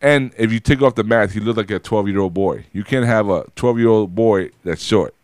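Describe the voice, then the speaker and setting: A man with a fairly low voice talks through a casual podcast chat, circling back and restarting his sentences as he goes. The sound is dry and close, with no room around it. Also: moderate pace, a little mellow, no echo. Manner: rambling, many restarts and repeats. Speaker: podcast co-host.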